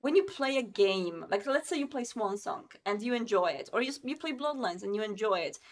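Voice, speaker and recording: A woman's voice: a little high, lively intonation, brisk. A woman co-hosting a gaming news show in casual chat, bubbly and chatty, laughing often and using many fillers.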